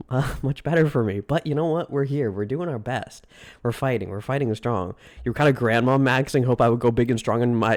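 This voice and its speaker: A man's voice: medium pitch, a little mellow. Playful, self-mocking male streamer. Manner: repeats greetings in a singsong run. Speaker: livestreamer. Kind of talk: casual chat with live viewers.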